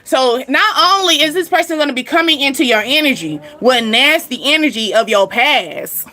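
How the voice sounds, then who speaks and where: Woman host, high voice, sassy spiritual reader, faint music underneath. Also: normal speed, hardly any pauses. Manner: animated, sassy, laughs often, talks straight to the listener. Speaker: spiritual reading channel host. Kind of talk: casual spiritual reading to viewers.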